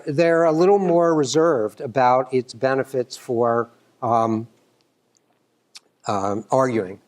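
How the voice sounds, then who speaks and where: A middle-aged man from New York, a writing professor giving an earnest, hesitant symposium talk full of ums and restarts. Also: mid-range voice. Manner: earnest, hesitant, many ums and restarts, leans into quoted dialogue. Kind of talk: academic conference talk.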